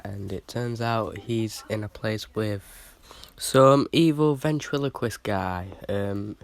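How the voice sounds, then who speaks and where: A British man reviewing a horror film in a casual, rambling way, with lots of fillers and restarts. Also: on the low side.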